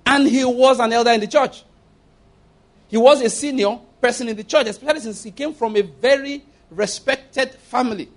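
A man's voice: very high voice, moderate pace. A man preaching a sermon, telling stories and jokes with emphatic, acted-out quotes.

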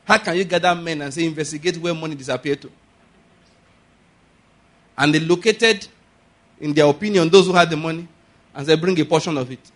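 A man pastor preaching a sermon, swinging between quiet asides and sudden loud, high emphasis. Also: brisk, long pauses. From Nigeria.

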